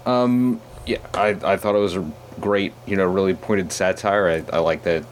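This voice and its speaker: Deep-voiced, modest guest on a film podcast. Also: male voice, fairly even intonation, normal speed, slight background noise. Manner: modest, thoughtful, hedging. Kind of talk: casual film podcast chat.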